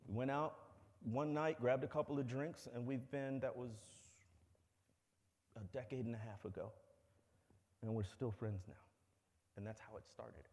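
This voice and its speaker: A man's voice: medium pitch, steady tone, normal speed, pauses often, darkish tone. A man giving a public talk, telling stories in a conversational, wry way. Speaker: speaker. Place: lecture hall. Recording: long hall reverb.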